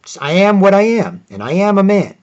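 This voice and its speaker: A man's voice: high-pitched, big pitch swings, fairly quick, a little mellow. A man vlogging opinionated commentary, reading out articles with sarcastic asides, rambling, and restarting often. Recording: dull lo-fi audio.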